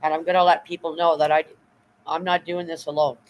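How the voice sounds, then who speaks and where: A woman's voice: low-pitched, flat delivery, brisk, highs cut off, a little hiss or hum. A middle-aged woman hosting a casual livestream, emotional and effusive, rambling with fillers and thanking viewers often. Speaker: livestream host.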